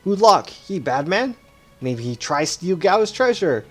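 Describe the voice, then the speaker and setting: A man putting on a wild, feral boy who chatters in broken baby-talk. The voice is pushed up high and eager, and it carries a childish excitement through every line of the game dialogue he reads aloud. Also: unhurried, faint music behind, full character voice.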